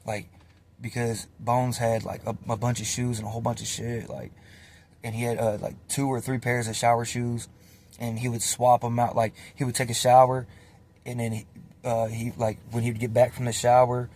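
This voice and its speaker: A man's voice: medium pitch, normal speed, a little hiss or hum. A young man telling a casual, profane story, acting out what others said. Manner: animated, swearing, acts out quotes.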